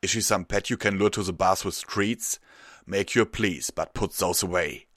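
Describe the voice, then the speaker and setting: A commanding stallion guard captain, as a man puts him on, deep and firm, with a reproachful edge in his words. He speaks up sharply in a dry, close storybook reading. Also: moderate pace, a bit bright, slightly rough, no echo, exaggerated voice. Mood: stern.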